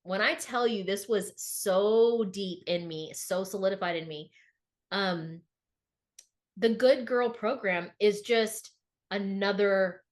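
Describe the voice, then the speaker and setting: A woman's voice: mid-range voice, slow. A middle-aged woman speaking earnestly and emphatically in a reflective podcast conversation, often repeating words for emphasis. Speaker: podcast co-host.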